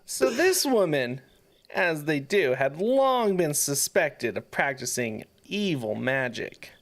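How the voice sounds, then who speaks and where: A man's voice: fairly high pitch, very animated, takes it slowly. A man co-hosting a podcast, reading a folk tale aloud and breaking off playfully to joke. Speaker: podcast co-host.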